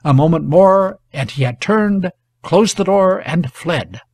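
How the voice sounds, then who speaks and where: A man reading a classic short story aloud as a narrator, in measured, even storytelling. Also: high-pitched, dry recording. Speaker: audiobook narrator.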